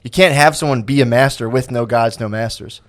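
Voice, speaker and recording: A man's voice: mid-range voice, fairly quick. A man talking as a podcast guest in casual chat, rambling and self-deprecating, calling himself sensitive.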